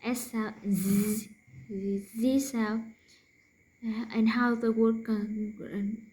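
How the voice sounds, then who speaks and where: A woman's voice: fairly high pitch, flat delivery, drawn-out words, darkish tone, poor audio. A woman with a Vietnamese accent teaching English pronunciation, repeating each consonant sound several times and dropping to a whisper for the unvoiced ones. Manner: demonstrates sounds by repeating them, drops to whispers. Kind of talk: slow explanatory lesson.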